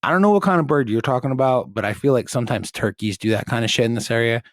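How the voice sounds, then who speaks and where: A man's voice: medium pitch, quick pace, dry recording. A young man co-hosts a casual podcast, laid-back and joking, tossing in swear words as he talks. His voice sits in an ordinary middle range. The sound is dry and close, with no room around it. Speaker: podcast co-host. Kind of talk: casual chat.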